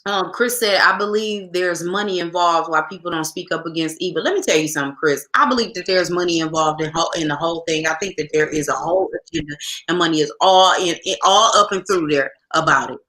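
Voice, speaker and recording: A woman's voice: lowish voice, quick pace, pushed and bright. A woman co-hosting a podcast in casual talk, telling stories emphatically and speaking, often repeating herself and restarting her sentences. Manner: emphatic, repetitive, storytelling with restarts. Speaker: podcast co-host. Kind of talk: casual opinion talk reading listener comments.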